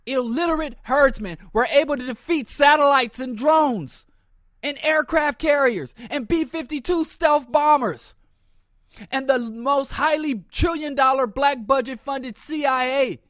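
A man's voice: very high voice, unhurried, a bit bright, no echo, clean studio sound. A man hosting a podcast, delivering a blunt, sardonic political commentary monologue and often stumbling and repeating words. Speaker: podcast host.

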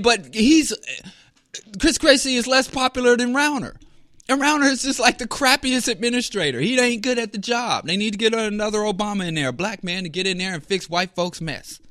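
A man's voice: high-pitched, fairly bright tone, no echo, studio quality. A man giving a rambling, sarcastic commentary monologue as a podcast host.

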